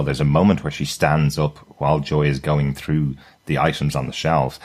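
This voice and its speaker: Very deep-voiced man discussing a show. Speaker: podcast co-host. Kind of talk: casual review chat.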